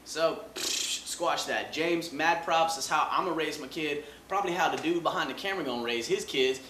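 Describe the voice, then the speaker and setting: A man hosting a comedy sports rant, his voice bright and forceful and pitched a bit high. He riffs loudly and mocks as he goes. The sound bounces around an echoey room with faint ambience behind it. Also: moderate pace, slight background noise. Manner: loud, animated riffing with mocking asides. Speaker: host.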